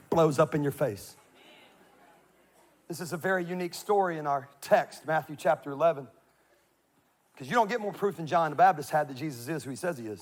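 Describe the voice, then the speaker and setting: A man preaching a sermon, telling a comic story and acting out the voices in it. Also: on the high side. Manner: animated, acts out voices in his stories. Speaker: pastor.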